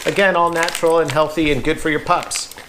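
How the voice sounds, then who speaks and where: A man's voice: fairly high pitch, steady tone, brisk, background noise. A man chatting casually while unboxing dog toys and treats, laughing often and cooing at his dogs. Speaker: co-host of an unboxing channel. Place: home with dogs.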